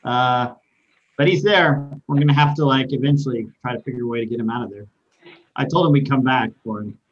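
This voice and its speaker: A man playing a tabletop role-playing game, relaxed and joking in casual chat. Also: mid-range voice, fairly quick, breathy edge, lo-fi sound. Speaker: player.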